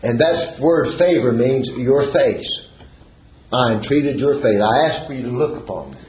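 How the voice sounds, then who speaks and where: A man's voice: mid-range voice, lively intonation, unhurried, a little mellow, lo-fi sound, a little hiss or hum. Fervent preacher man, echoey church recording. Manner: fervent, sing-song rising exclamations; reads and expounds scripture verse by verse. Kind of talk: sermon.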